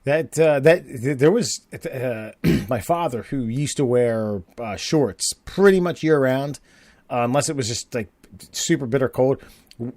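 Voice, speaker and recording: A man's voice: medium pitch, dark tone, no room sound. Rambling man chatting on a podcast. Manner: rambling, profane storytelling with frequent fillers. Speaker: podcast co-host. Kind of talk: casual chat.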